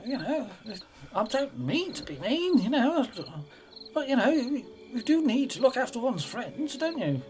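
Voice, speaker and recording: A woman's voice: high-pitched, very animated, a little slow, a little mellow, slight background noise. A woman role-playing her character in a tabletop game, with plummy, polite talk full of stammered restarts. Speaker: player. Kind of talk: in-character roleplay.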